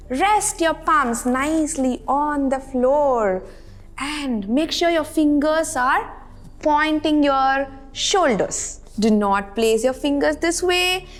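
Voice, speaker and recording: A woman leading a playful yoga class for kids, counting poses aloud and encouraging them. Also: high-pitched. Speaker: yoga instructor.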